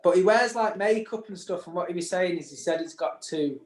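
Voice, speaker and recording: A man's voice: high voice, fairly quick. Rambling man in an echoey room. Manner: rambling, laughs often, many restarts. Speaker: podcast co-host. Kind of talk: casual chat.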